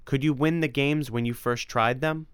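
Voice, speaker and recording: A man's voice: mid-range voice, steady tone, moderate pace, smooth, no echo, clean studio sound, pitched above the performer's own voice, natural voice. A man voicing a serious, formal warrior mentor in an audiobook, with a stern, lecturing manner. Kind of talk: audiobook character voice.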